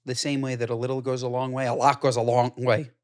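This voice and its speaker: A man's voice: medium pitch, little pitch movement, fast. A man co-hosting a podcast, chatting casually and enthusiastically, often repeating short agreements. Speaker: podcast co-host. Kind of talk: casual chat.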